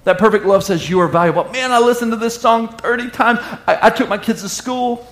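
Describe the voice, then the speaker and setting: A man preaching a sermon with lively call-and-response and bits of song. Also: extremely high pitch, brisk. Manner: animated preaching with call-and-response and sung lines. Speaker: pastor. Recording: echoey room.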